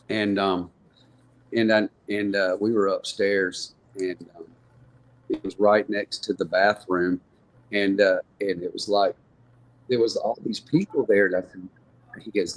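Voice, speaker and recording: A man guest on a podcast, telling stories casually, rambling with lots of restarts and fillers. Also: fairly low pitch. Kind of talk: casual storytelling in conversation.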